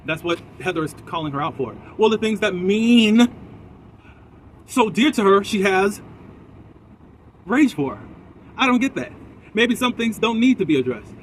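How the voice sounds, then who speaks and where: A man's voice: high voice, a little slow, pauses often, a little hiss or hum. Opinionated man recapping reality TV. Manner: opinionated, animated, chatty. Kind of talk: casual episode recap commentary.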